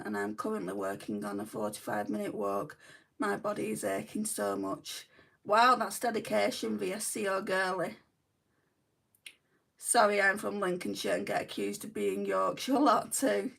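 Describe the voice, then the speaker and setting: Lancashire woman, chatty beauty streamer, gravelly fry in the voice, mic set a little far off. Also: mid-range voice, normal speed, a bit bright. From Lancashire, England. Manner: rambling, candid, frequent ums and asides. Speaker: beauty vlogger. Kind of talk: chatty livestream makeup talk, reading viewer comments.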